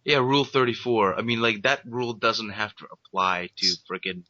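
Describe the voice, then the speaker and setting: A man's voice: on the low side, normal speed, pushed and bright, no echo, muffled recording. A man in a casual review chat who swears freely and gushes with emotional exclamations. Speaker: co-host.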